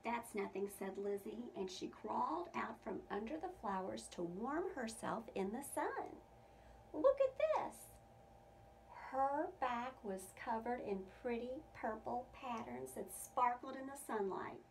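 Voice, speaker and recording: Preschool teacher lady reading a picture book to little kids, slow, asks questions, mic kinda far, faint hiss. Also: fairly high pitch, animated, gravelly. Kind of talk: storybook read-aloud for young children. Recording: distant mic with faint room noise.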